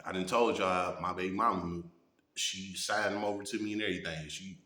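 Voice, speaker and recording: Blunt deep-voiced man in an echoey room. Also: steady tone, brisk, pushed and bright. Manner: blunt and profane, often asks "you know what I'm saying". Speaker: vlogger reacting and telling stories. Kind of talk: casual storytelling monologue.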